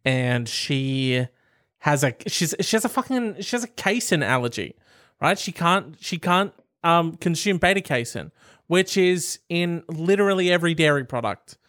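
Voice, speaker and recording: A man co-hosting a casual chat, telling stories in a wry, animated way and swearing along the way. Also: a little high, normal speed, no room sound, clean studio sound. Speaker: podcast co-host reading questions.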